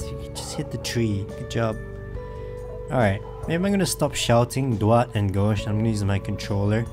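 Animated man commenting on a game. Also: mid-range voice, moderate pace, faint music behind. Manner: animated, shouting commands between chatty asides. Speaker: gaming video host. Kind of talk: let's play commentary.

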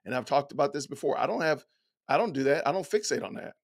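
A man's voice: mid-range voice, lively intonation, fast talker, gravelly. A middle-aged man reading lines from an essay aloud and reacting with incredulous, folksy rhetorical questions. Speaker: commentator.

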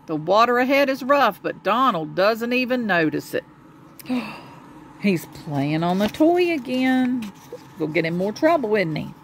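A woman reading a children's storybook aloud to a child, gentle and expressive. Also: fairly high pitch, measured pace, slight background noise.

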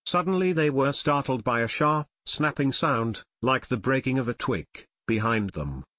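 A man narrating an unabridged audiobook, telling the story with expressive suspense. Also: mid-range voice, normal speed, dry recording, studio quality.

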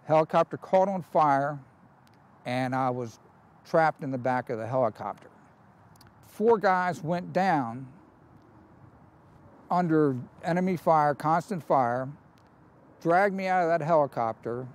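An older man, a war veteran, telling slowly and deliberately how he was rescued in a documentary interview. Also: fairly high pitch.

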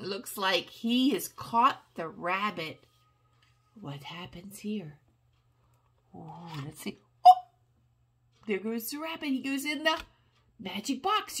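Older woman reading a picture book aloud, lively and slow. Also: a little high, breathy edge. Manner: animated and coaxing, asking the child questions.

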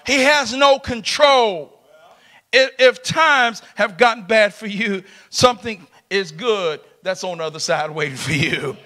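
A middle-aged man preaching a lively sermon in a church, shouting and laughing with the congregation. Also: high voice, unhurried. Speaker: pastor. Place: church sanctuary.

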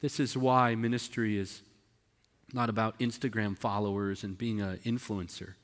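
A man's voice: lowish voice, fairly even intonation, moderate pace. A man preaching a sermon in a church, emphatic and conversational, acting out the voices of the people he describes. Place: church sanctuary. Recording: long reverb of a church hall.

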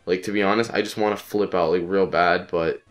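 A man with a sick voice giving casual let's-play commentary, frustrated and swearing, repeating phrases in quick bursts. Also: sits low, fairly even intonation. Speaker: gaming channel host.

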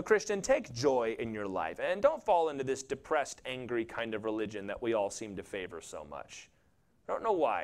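A man pastor preaching a sermon in a conversational, jokey storytelling way, acting out quotes in little voices. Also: medium pitch. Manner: animated, acts out quotes and voices.

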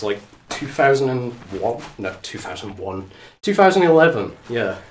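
A man streaming a game live, out of breath and excitable, talking to the character on screen and to his viewers. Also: mid-range voice, slight background noise. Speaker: let's play streamer. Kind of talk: live gameplay commentary. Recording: echoey room, mic at a distance.

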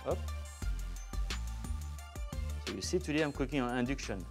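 French-accented chef demonstrating a recipe. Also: male voice, mid-range voice, lively intonation, rapid-fire. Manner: chatty, playful, sprinkles French words. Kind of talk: cooking demonstration. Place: kitchen. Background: background music and sizzling food.

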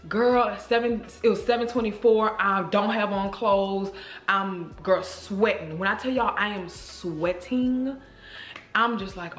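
A woman vlogger telling a story to her viewers in a chatty, animated way, speaking straight to the camera. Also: mid-range voice, measured pace. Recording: roomy echo.

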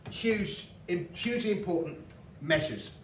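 A man's voice: sits high, animated, unhurried, a little hiss or hum. A middle-aged British man giving a comic lecture, telling stories with asides and laughs. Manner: chatty storytelling with laughs and asides. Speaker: lecturer and comedian. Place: lecture hall with live audience. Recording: roomy hall mic from a distance.

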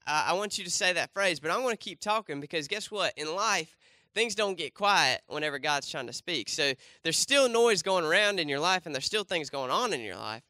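Speaking fairly quickly with hardly any pauses, a young pastor delivers a casual church sermon featuring a volunteer demonstration. His fairly high voice has lively intonation and a pushed, bright quality with no echo, and he stumbles through fillers and restarts while posing questions to the congregation.

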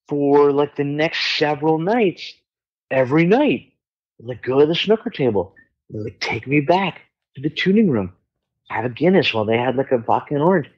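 A man guesting on a podcast, telling a story in casual chat, animated and swearing freely as he acts out other people's voices. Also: fairly high pitch, highs cut off. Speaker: guest musician.

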